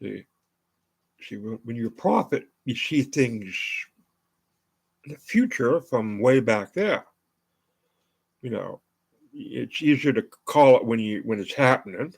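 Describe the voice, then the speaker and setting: An older man from the United States rambles on his own show, stacking up fillers and false starts as he goes. His voice is gravelly and husky, with a pitch that swings up and down a lot. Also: animated, a little slow, long pauses, a little mellow. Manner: rambling, full of "you know" fillers and restarts. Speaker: show host. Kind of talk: rambling monologue.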